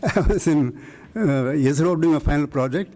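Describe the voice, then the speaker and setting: This low-quality recording captures an older Indian man speaking at a moderate pace in a slightly high, dark voice. Invited to a lecture hall to talk about his career, he tells an emphatic story to the audience and acts out the conversation.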